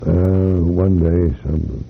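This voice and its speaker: A man's voice: low voice, level tone, drawn-out words, vocal fry, narrow, tinny audio, a little hiss or hum. An older man telling rambling stories from his working life in an oral history interview. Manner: rambling anecdotal storytelling. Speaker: retired company employee.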